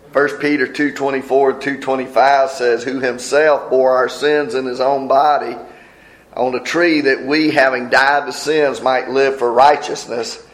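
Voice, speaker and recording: A man's voice: medium pitch, reverberant, poor audio. A man preaching a sermon in a folksy manner, explaining scripture verse by verse. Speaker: pastor.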